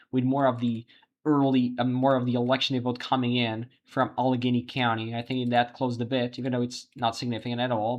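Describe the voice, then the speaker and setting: A medium-pitched man hosts a livestream with live commentary on election results. He thinks aloud, halting often and restarting his sentences.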